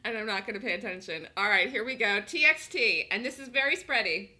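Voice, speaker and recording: A woman's voice: medium pitch, lively intonation, brisk, sharp tone. A woman hosting a live day trading room, chatting casually, laughing often and thinking aloud as she calls trades.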